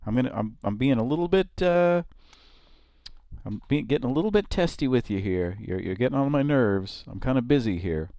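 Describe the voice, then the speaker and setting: A man doing a testy nurse woman who is fed up and snaps at the caller. The voice is pushed far up and loud, quick and clipped. She talks in short, irritated bursts. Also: medium pitch, animated, no room sound, voice pushed up, natural voice. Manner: snippy and irritated.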